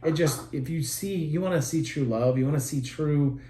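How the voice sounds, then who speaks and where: A man's voice: fairly high pitch, normal speed, mellow, slight background noise. Earnest rambling man in roomy echo. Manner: earnest, rambling, with many restarts. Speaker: podcast co-host, parent. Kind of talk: casual podcast chat.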